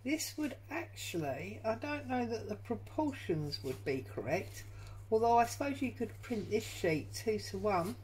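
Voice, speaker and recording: A woman's voice: a little high, very animated, measured pace, darkish tone, slight background noise, poor audio. A woman hosting a crafting tutorial from her home craft room, chatting and thinking aloud as she works. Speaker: junk journal crafter and channel host.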